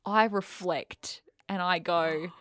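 A woman co-hosting a podcast, chatting casually and telling a story with animated quoted voices. Her voice sits a little low. It sounds dry and close. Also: takes it slowly, no room sound. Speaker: podcast co-host.

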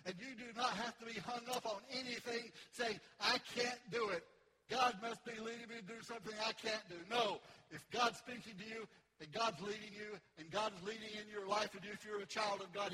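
A pastor preaching a sermon in a church, swinging between loud fervent preaching and soft sung lines, out of breath. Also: male voice, high-pitched, rough recording.

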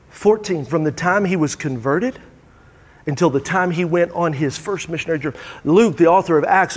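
A male pastor delivers a sermon, swinging into emphatic, rising bursts. His voice sits unusually high. A long hall reverb trails behind every phrase.

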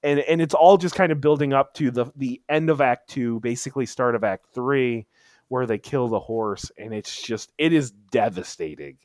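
A man's voice: medium pitch, normal speed, darkish tone, no room sound. Man, casual podcast chat, rambling, emphatic, dry close sound. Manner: rambling, stumbling restarts, emphatic storytelling. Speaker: podcast co-host.

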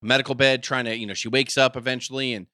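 Animated man retelling a story. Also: medium pitch, quick pace, no room sound, studio quality. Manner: animated storytelling, acting out quotes. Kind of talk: casual chat.

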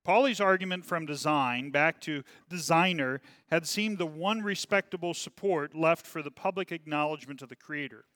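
Guy teaching a bible class, reads a bit then riffs, keeps saying okay? right?, slightly high voice, dry sound. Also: moderate pace, hardly any pauses, a bit bright, no room sound. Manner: reads aloud then breaks off to comment, asking "okay?" and "right?"; volume rises and falls widely, dropping low on asides. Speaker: religious teacher. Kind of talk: classroom lecture reading from a text.

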